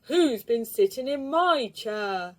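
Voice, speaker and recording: A woman voicing a big, grumpy father bear with a gruff, booming manner for a storybook reading. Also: lively intonation, slow pace, darkish tone. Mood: gruff demanding.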